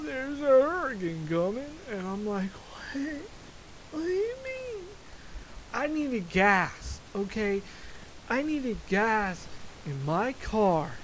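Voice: medium pitch, a little hiss or hum, low-quality recording. A podcast host delivering a solo comedic rant, profane and exaggerated, full of jokey asides. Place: lives in Florida.

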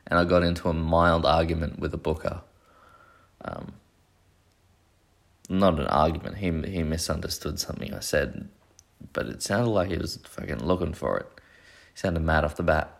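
Casual podcast host: young guy, deep and gravelly, rambling and self-mocking. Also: normal speed, pauses often. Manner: rambling, profane, self-deprecating. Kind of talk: casual solo chat.

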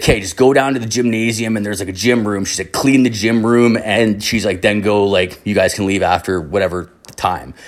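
A young man telling a long casual story, swearing constantly and filling his speech with "like.". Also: fairly low pitch. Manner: profane, rambling, heavy use of filler "like".

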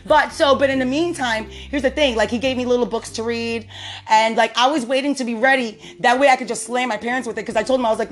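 A woman's voice: a little high, steady tone, normal speed, soft background music. A young adult woman hosting a podcast, chatting casually and telling a story, laughing often and acting out the voices she quotes. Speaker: podcast host. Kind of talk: casual chat.

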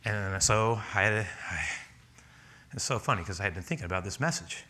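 A man preaching a sermon, telling a personal story with lively laughter and acted-out dialogue. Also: lowish voice, fairly quick. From a city. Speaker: pastor.

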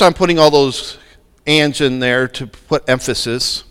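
A man's voice: medium pitch, a little slow, a bit bright, clear, resonant tone, in a large hall. A man preaching a sermon, dramatic and full of rhetorical questions. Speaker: pastor.

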